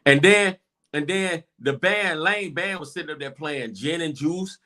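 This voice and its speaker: A man's voice: fairly high pitch, measured pace. A man co-hosting a casual sports chat, telling game stories with hype and laughter. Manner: animated, laughing, hyped storytelling. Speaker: co-host.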